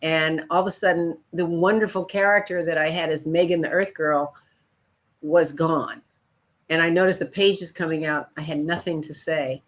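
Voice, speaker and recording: An older woman from Chicago telling stories about her career in an interview, acting out other people's lines. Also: normal speed. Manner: animated storyteller, acts out quotes in higher voices. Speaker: guest. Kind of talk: storytelling interview.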